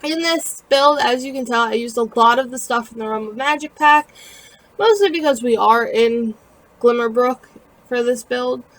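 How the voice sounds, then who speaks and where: A woman with a fairly high voice gives a casual voice-over for her own building video. She rambles and talks with a chatty, self-deprecating ease, full of fillers, and sounds a little tired. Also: moderate pace, fairly bright tone, low-quality recording. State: tired and yawning. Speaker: gaming video creator narrating her build.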